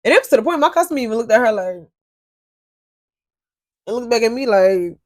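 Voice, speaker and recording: A young woman telling a workplace drama story to her viewers, animated and profane, often addressing them directly. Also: a little high, a little fast, no echo, soft background music. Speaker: store cashier telling a story. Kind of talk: storytime vlog.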